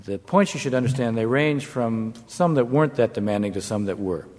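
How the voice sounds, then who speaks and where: A man's voice: mid-range voice, a little mellow. Wry man telling a story in a hall. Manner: measured, wry storytelling with brief chuckles. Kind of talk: anecdote told to an audience. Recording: long hall reverb.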